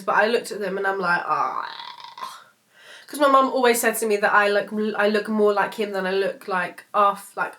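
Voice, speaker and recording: A woman in her 20s tells a personal story to camera for a casual storytelling vlog, rambling, emotional and swearing freely. Her voice is medium in pitch with a fairly bright tone.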